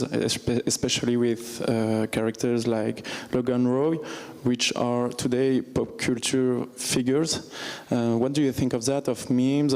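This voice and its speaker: A man's voice: medium pitch, darkish tone. A man putting a question to a guest, hesitant and broken by many fillers. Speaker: interviewer asking a question.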